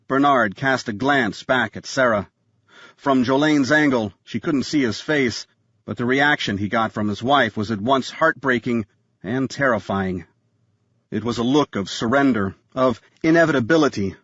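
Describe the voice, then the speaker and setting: A man's voice: medium pitch, moderate pace, fairly bright tone, husky, no room sound. Male audiobook narrator, tense thriller delivery, dull dry studio sound. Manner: tense thriller reading, voices characters.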